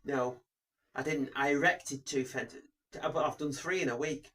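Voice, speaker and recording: A man's voice: medium pitch, unhurried, a bit bright. A man co-hosting a casual podcast, joking, interrupting and dropping into impressions. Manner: jokey, interrupting, breaks into impersonations. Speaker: podcast co-host.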